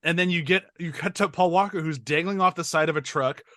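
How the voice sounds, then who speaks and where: A man's voice: fairly high pitch, fairly quick, a bit bright, dry recording, clean studio sound. A man co-hosting a podcast, talking through a movie in a rambling, enthusiastic way with lots of fillers. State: over-caffeinated. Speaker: podcast co-host. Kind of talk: casual movie discussion.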